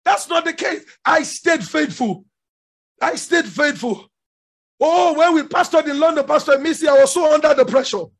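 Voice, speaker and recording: A man preaching a sermon with passion, often shouting. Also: very high-pitched, normal speed. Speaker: pastor.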